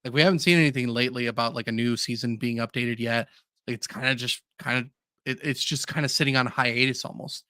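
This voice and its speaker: Bright-voiced earnest podcast man. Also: medium pitch, steady tone, quick pace, dry recording, clean studio sound. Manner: earnest, openly emotional, hesitant with "um"s. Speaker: podcast co-host. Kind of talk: casual chat.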